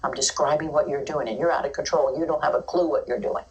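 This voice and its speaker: A woman giving an informal talk on caring for toddlers, lively and acting out the voices of children and teachers. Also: sits low, fast, recorded from a distance, highs cut off.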